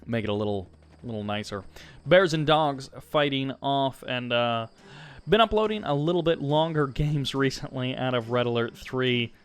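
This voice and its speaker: A man's voice: medium pitch, fairly bright tone. An American man giving casual, chatty play-by-play commentary on a strategy game, upbeat and self-deprecating.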